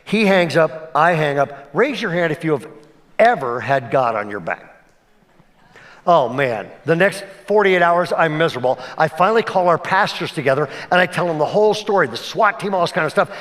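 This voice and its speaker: A male pastor giving a conversational sermon, swinging between emphatic and hushed delivery and often checking in with his listeners. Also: fairly high pitch, animated, normal speed. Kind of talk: sermon storytelling.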